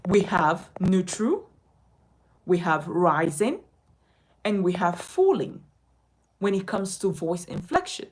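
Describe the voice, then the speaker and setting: A woman teaching a speech lesson, emphatic, her pitch rising and falling widely. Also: steady tone, moderate pace, few pauses, poor audio. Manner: emphatic, sweeping rises and falls in pitch. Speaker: speech coach. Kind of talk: spoken lesson to camera.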